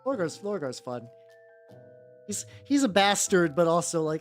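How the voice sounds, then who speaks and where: Rambling young woman streamer, lively pitch. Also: moderate pace. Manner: rambling, many fillers and restarts, swears casually. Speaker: streamer painting miniatures. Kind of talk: casual livestream chat. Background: soft background music.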